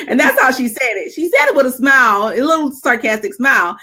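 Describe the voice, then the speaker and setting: A middle-aged woman co-hosting a talk show, chatting and telling a personal story with animated delivery and frequent laughter. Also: high-pitched, brisk, few pauses, breathy edge. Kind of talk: casual chat and personal storytelling.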